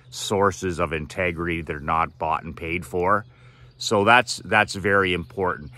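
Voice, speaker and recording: A man's voice: sits low, sharp tone. A man giving a direct-to-camera motivational monologue, emphatic and repetitive with a preachy tone. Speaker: motivational speaker.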